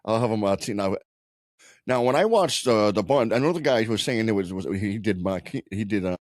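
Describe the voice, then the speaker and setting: A man co-hosting a podcast in loose, profane casual chat, often stopping and restarting his sentences. His voice sits on the low side, and the recording is close and dry. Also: lively intonation, dry recording. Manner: rambling, profane, halting restarts. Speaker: podcast co-host.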